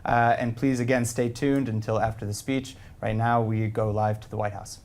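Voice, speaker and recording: A man's voice: mid-range voice, little pitch movement, moderate pace, darkish tone, a little hiss or hum. A man moderates a live news panel, steering the talk and announcing what comes next. He hesitates often, restarting his sentences as he goes. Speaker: news host.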